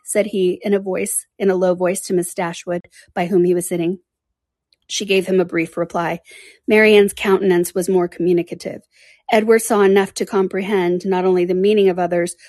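A woman's voice: mid-range voice, a little mellow, dry recording. Woman reading a classic novel aloud. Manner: measured, careful reading. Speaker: audiobook reader.

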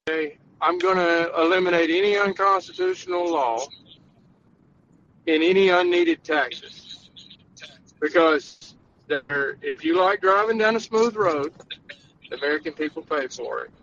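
A man's voice: fairly high pitch, unhurried, long pauses, a bit bright, highs cut off, a little hiss or hum. A man running for office, arguing bluntly and emphatically in a call-in podcast debate. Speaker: political candidate.

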